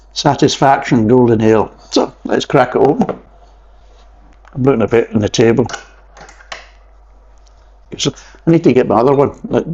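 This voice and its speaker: Scottish male beer vlogger, mid-pitched, rambling and jokey, slightly muffled recording. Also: a little mellow. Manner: rambling, chatty, with jokey asides. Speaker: beer reviewer. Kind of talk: casual vlog review. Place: at home at a table.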